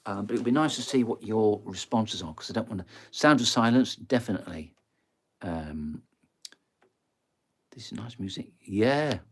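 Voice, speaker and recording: A man's voice: lowish voice, husky. A man with a Nottingham accent chatting on a live stream, rambling and hesitant with lots of ums and self-corrections as he takes song requests. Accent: Nottingham, East Midlands English. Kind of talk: casual live-stream chat.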